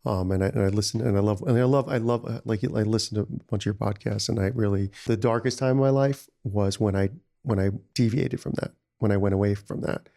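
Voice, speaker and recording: A man's voice: lowish voice, steady tone, brisk, gravelly, hardly any pauses, mellow. A man, a restaurant founder telling stories in a casual interview, rambling with many "you know"s. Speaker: restaurant founder, podcast guest.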